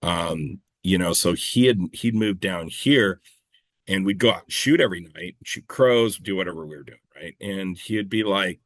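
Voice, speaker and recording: A man's voice: low voice, normal speed, no room sound. A man in a casual interview, telling stories in a rambling, self-correcting way, swearing freely and laughing at himself. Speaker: clay shooting competitor and coach, guest.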